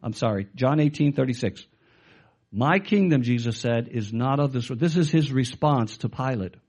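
A man's voice: medium pitch, expressive, moderate pace, a little mellow, breathy edge. A middle-aged male pastor preaching a sermon with emphasis, quoting scripture and putting questions to his listeners.

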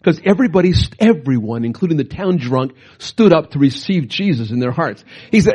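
A middle-aged man preaching a storytelling sermon as a pastor and missionary, animated and prone to restarts, with a husky voice. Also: fairly high pitch, a little fast, hardly any pauses. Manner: animated, bursts into loud acted quotes, frequent restarts.

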